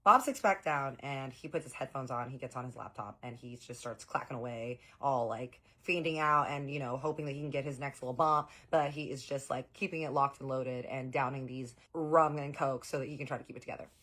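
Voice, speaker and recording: A young woman telling an animated, slangy story in a storytime vlog. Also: rumbling low, brisk, few pauses.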